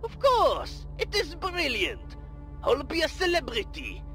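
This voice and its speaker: A man's voice: on the high side, huge pitch swings, normal speed, a bit bright, faint music behind. An actor playing a pompous, scheming male rival driver who talks in a theatrical fake French accent. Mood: gloating. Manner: theatrical, showy villain talk.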